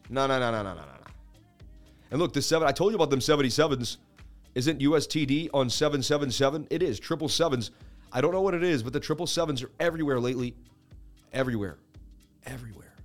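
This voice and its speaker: A middle-aged man hosting a crypto trading livestream, salesy and pumped up, calling viewers baby. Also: medium pitch. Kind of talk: hyped livestream chart talk.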